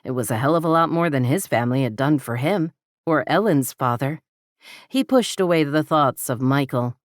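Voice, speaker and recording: A woman reading an audiobook romance novel in a measured, steady manner. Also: low voice, dry recording, studio quality. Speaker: audiobook narrator. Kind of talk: scripted romance narration.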